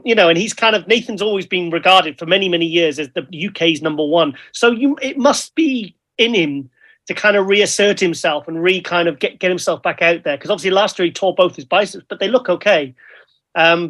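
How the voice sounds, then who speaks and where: A British man co-hosting a casual chat, rambling and lively as he tells stories. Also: high voice, brisk. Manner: chatty, rambling, lively storytelling. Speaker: co-host.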